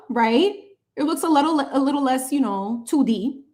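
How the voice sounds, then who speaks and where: High-pitched and moderately paced, this channel host chats while painting on a livestream. Her talk is sassy and playful, packed with asides, animated throughout, and mixed with snippets of Spanish.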